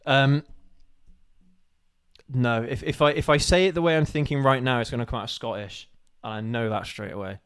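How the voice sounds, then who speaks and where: A man co-hosting a casual live stream, halting and self-deprecating as he searches for words. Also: mid-range voice, a bit bright, smooth. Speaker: co-host of a live show.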